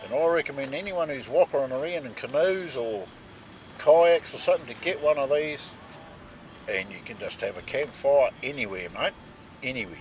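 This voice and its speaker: A man's voice: medium pitch, normal speed. A man with a New Zealand accent chatting casually outdoors at a campsite for a vlog, dropping "mate" and "eh" as he shows off his gear. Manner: chatty, peppers talk with "mate" and "eh". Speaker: vlog co-host.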